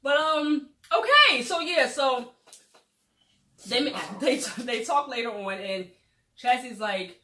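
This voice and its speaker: A woman's voice: sits high, expressive, slow, sharp tone. A young woman animatedly retelling a book's plot in a casual group chat, acting out the quotes. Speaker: book club host. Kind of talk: casual book discussion. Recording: roomy echo, voice far from mic.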